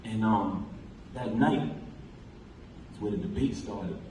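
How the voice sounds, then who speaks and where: A man's voice: fairly low pitch, slow, dark tone. Impassioned man in an echoing theater. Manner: impassioned, emphatic, recounts conversations with his late friend. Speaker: eulogy speaker. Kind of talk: memorial speech. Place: large theater hall. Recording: echoey hall, distant pickup, faint noise.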